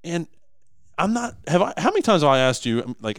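A man's voice: fairly high pitch, brisk, no room sound, clean studio sound. A man co-hosting a casual podcast, talking emphatically with many restarts. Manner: animated, emphatic, frequent restarts. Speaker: podcast co-host, business owner.

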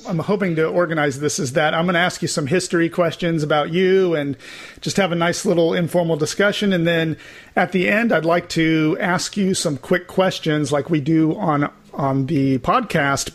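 Man, slightly high voice, chatty podcast co-host, laughs a lot. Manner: chatty, laughs often, many restarts. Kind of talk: casual chat and interviewing.

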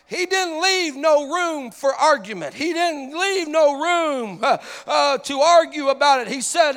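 A man preaching a fervent sermon, breaking into shouts and a sing-song cadence, with many "uh" fillers. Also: extremely high pitch, lively intonation, unhurried, few pauses. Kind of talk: impassioned sermon.

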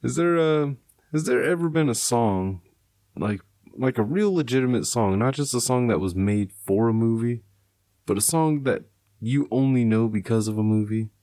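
A man's voice: mid-range voice, normal speed, dark tone, no echo. A young adult man hosting a podcast in casual chat, laid-back, swearing and laughing often. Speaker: podcast host.

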